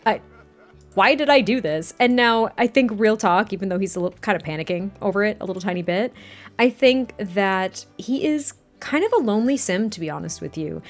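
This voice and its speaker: A woman casually narrating her life-sim gameplay, giggly and rambling with lots of fillers. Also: medium pitch. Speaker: life-sim game YouTuber. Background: faint background music.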